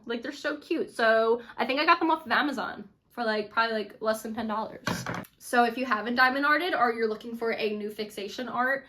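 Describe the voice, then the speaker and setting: Chatty woman host with a higher voice. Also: fairly bright tone. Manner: chatty, gushing, many "like" fillers. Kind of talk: casual reaction chat.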